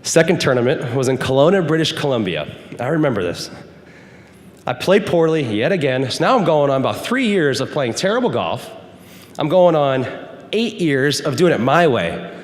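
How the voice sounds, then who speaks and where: A man's voice: mid-range voice, very animated, moderate pace. A young man giving an earnest, emphatic testimony sermon to a youth group as a guest speaker. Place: church hall. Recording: hall reverb.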